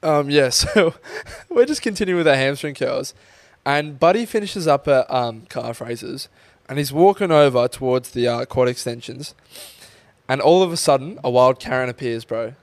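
A man's voice: medium pitch, normal speed, dry recording. A young man, co-hosting a casual podcast and telling a story with lots of swearing and acted-out quotes. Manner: animated, swears freely, acts out quotes. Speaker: podcast co-host.

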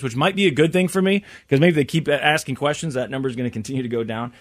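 A male radio host in relaxed studio banter, thinking out loud as he reads through a list. His voice sits at an ordinary middle pitch, and his talk is easygoing and chatty. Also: quick pace, few pauses. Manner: chatty, musing aloud, reads items from a list. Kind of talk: casual on-air chat.

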